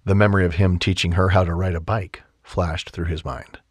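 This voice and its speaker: A man narrating a romance audiobook in a calm, measured way, often dropping to a soft tone. His voice is low and husky, recorded close and dry with no room sound. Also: dry recording. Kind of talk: scripted narration.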